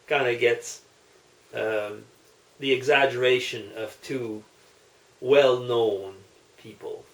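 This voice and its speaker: Casting: slow, lively-pitched joke teller, echoey room, mic at a distance. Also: male voice. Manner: chatty, unhurried, self-commenting. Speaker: vlogger telling jokes. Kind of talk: casual joke telling.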